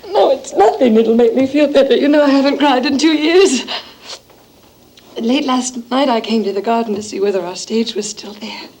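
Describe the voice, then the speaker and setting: An actress plays a weary young actress in a stage play, her high voice slipping into breathless whispers and breaking into outbursts. A faint hiss of noise runs under the recording. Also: normal speed, a little mellow, natural voice, rough recording. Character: young actress, worn out and overwrought.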